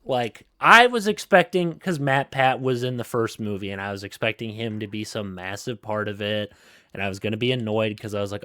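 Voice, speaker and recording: A man's voice: on the low side, a little fast, bright, forceful tone, no echo, studio quality. A man co-hosting a casual gaming podcast, rambling with lots of fillers and restarts. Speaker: podcast co-host.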